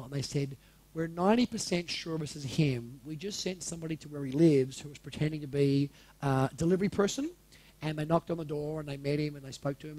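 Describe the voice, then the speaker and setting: Man in his forties, candid storyteller, fairly high voice, husky tone, dry sound. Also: darkish tone. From Australia. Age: 40s. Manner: candid, swears freely, asks the audience questions. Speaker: speaker telling a personal story to an audience. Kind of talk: casual storytelling to a live audience.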